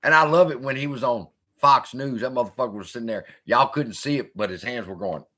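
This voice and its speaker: A man's voice: mid-range voice, a little fast. A man hosting a live stream, chatting casually and swearing often as he answers viewers. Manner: profane, animated, heckling chat. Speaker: host.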